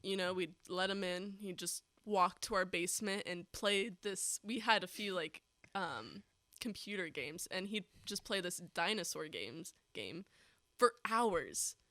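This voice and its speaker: A young woman co-hosting a podcast, talking casually in a relaxed, hesitant way with "um" and "like". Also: on the low side, unhurried, no room sound. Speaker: podcast co-host. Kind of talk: casual chat.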